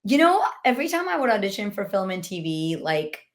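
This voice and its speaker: A woman talks through her career as a voice actor, lively and chatty as she tells each story. Her voice sits at a middle pitch, and she is speaking in a relaxed podcast interview. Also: brisk. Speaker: voice actor guest. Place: podcast recording.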